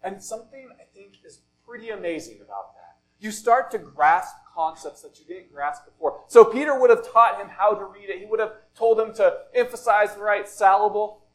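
High-voiced male pastor preaching. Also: low-quality recording. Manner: deliberate phrasing, often dropping to a soft, low close. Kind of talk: sermon.

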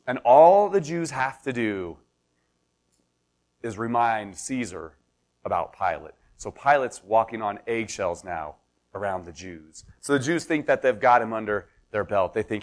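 A man's voice: lively intonation, normal speed. A man preaching a sermon as pastor, telling the story in a conversational way with everyday examples and building intensity. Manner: storytelling, builds to impassioned pitch.

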